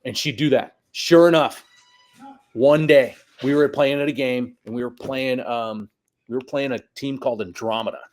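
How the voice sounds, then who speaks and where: Middle-aged man, high school soccer coach, casual storytelling, acts out dialogue, salty language. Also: moderate pace. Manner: animated storyteller, acts out quotes, swears.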